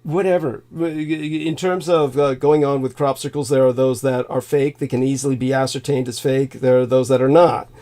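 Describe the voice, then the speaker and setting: A man's voice: mid-range voice, flat delivery, moderate pace, few pauses, dark tone. A man from California co-hosting a livestream, lecturing insistently and talking over interruptions. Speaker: co-host. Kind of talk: livestream conversation.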